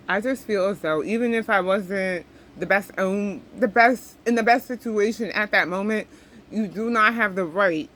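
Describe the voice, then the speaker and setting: A woman's voice: mid-range voice, fairly bright tone, poor audio. A young woman venting to camera, upset and rambling, often repeating herself. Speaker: vlogger.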